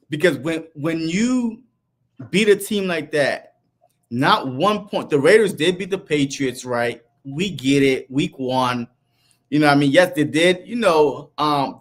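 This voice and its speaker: A man's voice: on the high side, fairly bright tone. A man co-hosting a casual sports talk show in a playful, teasing way. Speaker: co-host.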